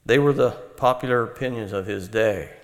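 A man preaching an earnest, measured Bible-teaching sermon. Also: fairly low pitch, in a large hall.

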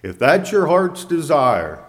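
A man preaching a sermon in a measured way, quoting scripture in old English. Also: fairly high pitch, big pitch swings, long reverb tail.

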